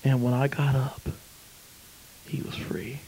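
A man preacher voicing Jesus, calm and earnest, speaking low and hushed. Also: slow pace, a little hiss or hum, low-quality recording. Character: Jesus, pleading calmly before a judge, male.

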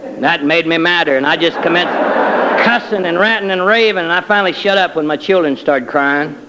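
A man's voice: on the high side, a little fast, very noisy. A man giving a personal testimony in a colloquial, self-deprecating storytelling way with wry humor.

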